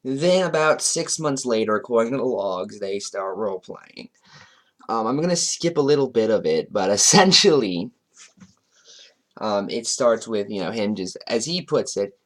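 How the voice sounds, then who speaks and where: A man's voice: on the low side, animated, moderate pace. A man doing a commentary vlog, reading chat logs aloud and breaking in with sarcastic, chuckling asides. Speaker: commentary YouTuber.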